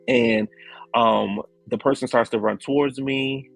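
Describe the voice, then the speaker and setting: A man giving casual, animated commentary as a reality show recap host, slangy, acting out the quotes. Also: mid-range voice, measured pace, gravelly, soft background music.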